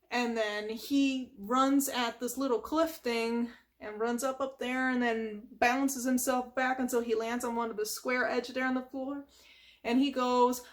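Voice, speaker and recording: A woman casually retelling a cartoon episode from memory, chatty, with lots of "like" and sound effects. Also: on the high side. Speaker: storyteller.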